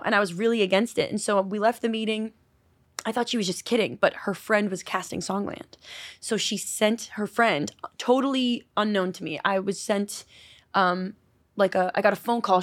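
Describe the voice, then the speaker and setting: A woman songwriter telling stories in a casual podcast interview, acting out quoted voices with animated energy. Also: mid-range voice, a little fast, dry recording. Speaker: songwriter guest.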